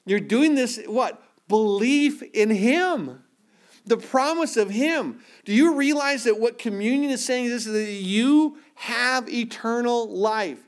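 A man with a notably high-pitched voice leads a church sermon as pastor. He preaches with emphasis, driving points home with rhetorical questions, and moves into prayer. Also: animated, slow.

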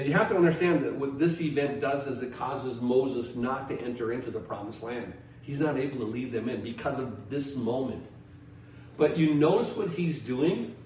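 A man's voice: medium pitch, a little mellow. A man preaching a sermon as a pastor, emphatic, restarting phrases and putting questions to his listeners. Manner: emphatic, repeats and restarts, asks the congregation questions. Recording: echoey hall, mic at a distance, faint noise.

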